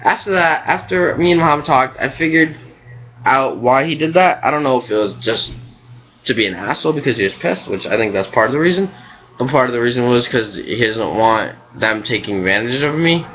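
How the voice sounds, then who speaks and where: A young man talks straight into his webcam, venting about his day in a loose, rambling, frustrated way. His voice sits at an ordinary middle pitch. The webcam mic leaves the sound dull and lo-fi. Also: animated, brisk, fairly bright tone, slight background noise. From United States. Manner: rambling, frustrated, heavy on "like" and "you know". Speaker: restaurant cook.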